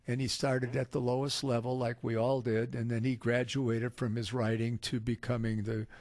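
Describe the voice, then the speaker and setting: A man's voice: medium pitch, darkish tone, dry recording. A man in his eighties hosting a radio show, chatting casually and jokingly, with a lot of hesitation as he rambles. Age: 80s. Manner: joking, rambling, with many fillers.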